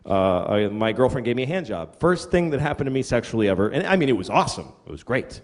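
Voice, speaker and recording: A middle-aged comedian on a comedy venue stage tells crude, self-deprecating stories and acts out quotes, talking fast in a mid-range, sing-song voice. The hall is reverberant, with audience noise and laughter behind him.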